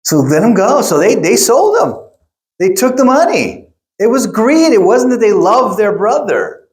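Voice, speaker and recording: Middle-aged guy pastor, animated sermon storytelling, kinda high voice. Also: measured pace. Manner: animated storytelling, acts out quotes. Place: church.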